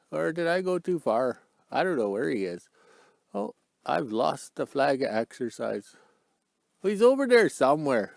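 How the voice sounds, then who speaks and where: Man, high voice, dry close sound, folksy rambling, casual outdoor phone vlog. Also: gravelly, a little mellow, dry recording. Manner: folksy, joking, ends sentences with "eh". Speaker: vlogger. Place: outdoors in the cold countryside. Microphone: phone camera.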